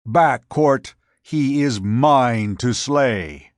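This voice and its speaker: A man voicing a fierce, vengeful male gladiator who shifts between roaring and a hushed tone. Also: medium pitch, animated, extremely slow, dry recording, studio quality. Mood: furious.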